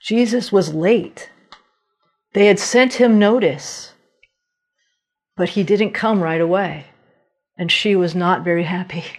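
A woman delivers a sermon at an unhurried pace. She tells the stories in a lively way and acts out the voices of the figures in them. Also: fairly low pitch. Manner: animated storytelling, acting out voices of biblical figures. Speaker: preacher.

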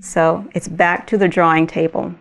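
A woman retelling a faith testimony in slow, deliberate storytelling, with small laughs. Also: on the low side, fairly even intonation, vocal fry.

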